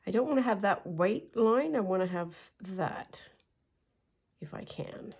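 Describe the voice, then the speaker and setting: A woman talking herself through a collage as she works, chatty and unhurried, with quiet murmured asides that pick up when she tells a story. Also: medium pitch, expressive, husky. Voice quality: soft, murmuring, often trailing into quiet asides. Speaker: collage artist and channel host. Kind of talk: relaxed craft vlog, thinking aloud while working.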